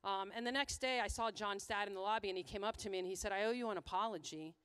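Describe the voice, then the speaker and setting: A woman's voice: medium pitch, steady tone, quick pace, a bit bright, clean tone. A middle-aged woman from the USA giving a conference presentation, telling a heartfelt story with quoted dialogue. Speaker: conference speaker.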